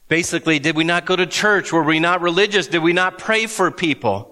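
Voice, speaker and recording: A man preaching a sermon as pastor, earnest and emphatic, with dramatic pauses. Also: fairly high pitch, sharp tone. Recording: long reverb of a large hall.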